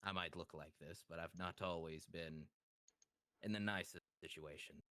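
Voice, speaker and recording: A courteous devilish gentleman, played by a man speaks low and unhurried, polite with an edge of menace. The sound is close and dry. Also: steady tone, no echo. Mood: composed.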